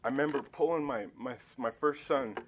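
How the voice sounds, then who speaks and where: Man, mid-pitched, halting emotional church testimony, noisy room recording. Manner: halting, emotional, many fillers and restarts. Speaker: church member giving testimony. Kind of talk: personal testimony at Sunday school. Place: church Sunday school room.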